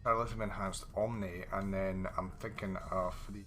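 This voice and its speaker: A man's voice: sits low, steady tone, normal speed, fairly bright tone, faint music behind. A man live-streaming a game, chatting casually with viewers, swearing a lot and going off on rambling rants. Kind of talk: casual live-stream chat while gaming.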